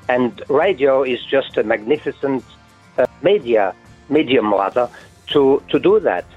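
A man in his seventies from France with a French accent, calling in to a radio show, joking and halting with many fillers. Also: medium pitch. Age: 70s. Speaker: caller. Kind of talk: casual phone chat. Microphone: phone. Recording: tinny phone line.

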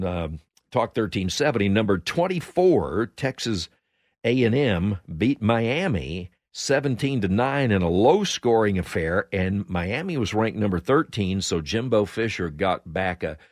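A man's voice: fairly low pitch, animated, a little slow, no room sound, studio quality. A man co-hosting a talk radio show, chatting casually with a rambling, stop-start delivery. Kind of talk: casual chat.

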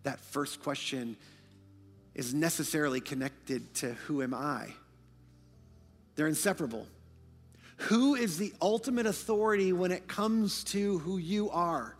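A male pastor delivering a sermon, moving between hushed, low passages and loud, emphatic preaching. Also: animated, measured pace, long pauses, in a large hall, soft background music.

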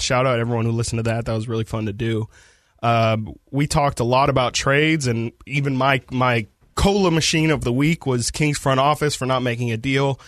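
A man's voice: medium pitch, fairly bright tone, no echo. A young man hosting a casual sports podcast in a radio studio, talking in a laid-back, rambling way with lots of fillers. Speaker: podcast host.

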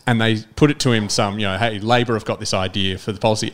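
Fast-talking Australian man. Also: lively intonation. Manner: quick storyteller, jumps into high put-on voices when quoting. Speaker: podcast co-host. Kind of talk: casual chat.

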